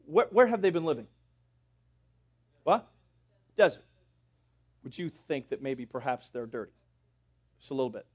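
A man's voice: mid-range voice, sing-song, moderate pace, pauses often, breathy edge. A pastor preaching a sermon, talking straight to his congregation and building in intensity.

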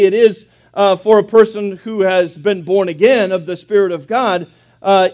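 A middle-aged pastor with a fairly high voice delivers a Sunday sermon in a church. He preaches in a relaxed, conversational way, with plenty of "uh"s and chatty asides. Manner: conversational, folksy preaching with frequent fillers and asides. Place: church sanctuary.

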